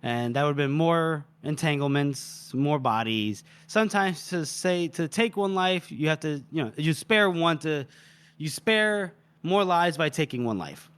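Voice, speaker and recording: A man's voice: on the high side, animated, a little slow, fairly bright tone, clean tone. A man co-hosting a book podcast, retelling scenes in casual chat and acting out the characters' lines. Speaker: podcast co-host.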